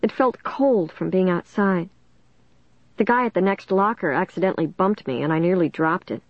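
A woman reading a first-person audiobook in a steady, measured way. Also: fairly low pitch, no room sound, highs cut off. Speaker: audiobook narrator.

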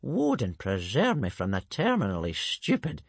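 A man voicing a calm, wise old male elder who speaks slowly and deliberately with a dry wit. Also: lowish voice, creaky, breathy edge, no echo, heavily acted. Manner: slow and deliberate, muttering.

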